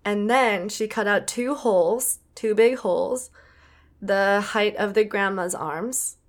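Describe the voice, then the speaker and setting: A young adult woman co-hosting a casual chat, telling a story with animated, acted-out quotes. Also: mid-range voice, takes it slowly. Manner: animated, acts out quoted voices. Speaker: podcast co-host.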